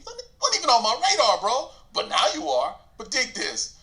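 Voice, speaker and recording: A man casually telling a long story, animated and acting out what people said, laughing as he goes. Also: high-pitched, normal speed. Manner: animated, acts out quotes, laughs while telling.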